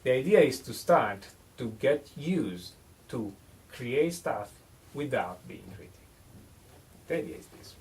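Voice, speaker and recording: A man's voice: medium pitch, very animated, a little slow, distant mic, a little hiss or hum. A man teaching songwriting in a casual one-on-one lesson, joking and often restarting his phrases.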